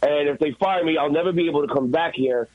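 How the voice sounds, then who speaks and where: A man, a guest and former radio intern, telling an animated, profane story in a podcast interview. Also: fairly high pitch, fast talker, dry recording, phone-quality sound. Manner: profane, excited, acts out his own shouts.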